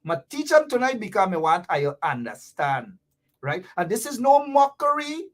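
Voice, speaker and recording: A man's voice: high voice, moderate pace. Guyanese creole-accented guy on a live stream, voice swings up and down a lot, repeats himself, explains slang. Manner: animated, repetitive, explaining local slang to viewers. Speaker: talk show host. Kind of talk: live-stream commentary reading viewer comments.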